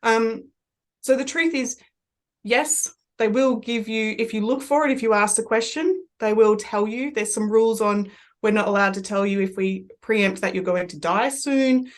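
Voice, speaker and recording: An Australian woman, a medium, talks in a loose, rambling way. Her storytelling is animated as she chats casually on a podcast. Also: on the high side, moderate pace.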